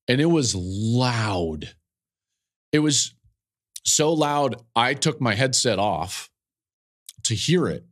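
A man's voice: medium pitch, animated, slow, pauses often. A male podcast host telling a personal story in an earnest, openly emotional way. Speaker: podcast host, football analyst.

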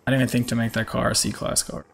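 A man's voice: medium pitch, level tone, fast talker, creaky, slight background noise. A young man from Georgia, chatting upbeat with viewers as he live-streams a racing game from home.

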